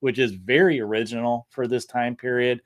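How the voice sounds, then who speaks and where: A man's voice: medium pitch, fairly even intonation, moderate pace. A man co-hosting a casual comics podcast, upbeat and chatty about the story. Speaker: podcast co-host.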